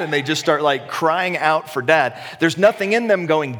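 A man's voice: on the high side, normal speed, hardly any pauses, a bit bright. A man preaching a sermon as a pastor, in a conversational way with self-deprecating humor. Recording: echoey hall.

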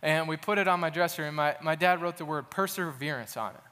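An earnest young man preaches in a relaxed, conversational way, slipping into personal stories with frequent restarts. His voice sits a little higher than most men's. A long hall reverb trails behind his words. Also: quick pace. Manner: earnest, casual, with restarts and storytelling. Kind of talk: sermon.

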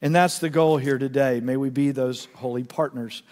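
A middle-aged man preaching a sermon as pastor, telling a story earnestly and swinging from soft asides to loud, urgent peaks. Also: mid-range voice, steady tone, normal speed. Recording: long reverb of a large hall.

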